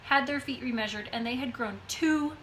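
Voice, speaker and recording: A middle-aged woman co-hosting a knitting podcast, telling animated family stories and laughing often. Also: high-pitched, moderate pace, a little hiss or hum, low-quality recording. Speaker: podcast co-host. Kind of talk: casual knitting chat.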